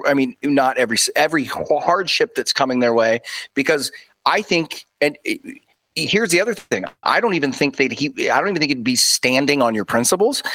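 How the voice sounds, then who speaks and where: A man talking in a casual conversation, blunt and indignant as he airs his views. His voice is a little higher than most men's, and it is recorded dry and close, with no room sound. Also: fairly bright tone, no room sound. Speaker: guest. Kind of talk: casual chat.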